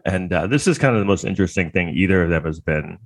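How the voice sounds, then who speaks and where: A man's voice: low voice, expressive, fast talker, no echo. A man delivering a comedic monologue in a crude, sarcastic, rambling way, full of fillers and restarts.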